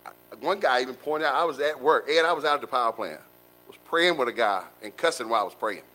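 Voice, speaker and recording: A man preaching a sermon in a folksy, animated way, with colloquial asides to the congregation. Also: medium pitch, fast talker, poor audio. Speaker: pastor.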